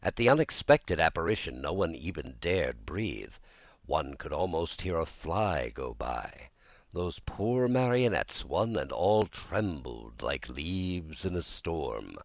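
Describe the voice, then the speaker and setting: A man giving an expressive, dramatic audiobook narration of a children's story. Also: rumbling low, slow, dry recording.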